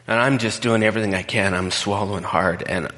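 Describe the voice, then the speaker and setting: A man's voice: lowish voice, brisk, bright, forceful tone, in a large hall. A male pastor preaching a conversational sermon, telling a personal story in a candid, emotional way.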